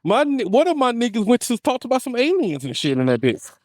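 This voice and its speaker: Animated, high-voiced man hosting a podcast. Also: a little fast, no room sound, clean studio sound. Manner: animated storyteller, laughs often, loose slang. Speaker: podcast host. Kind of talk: casual podcast chat. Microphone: studio podcast mic.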